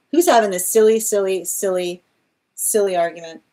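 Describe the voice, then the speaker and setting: A woman's voice: medium pitch, animated, unhurried, background noise. A woman doing a live tarot reading, rambling with many restarts and exasperated asides, laughing often as she mocks. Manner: laughs often while mocking. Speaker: tarot reader.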